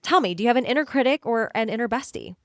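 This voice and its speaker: A woman hosting a solo career-coaching podcast, talking to listeners in an animated way and acting out quoted voices. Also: on the high side, quick pace, no room sound, clean studio sound.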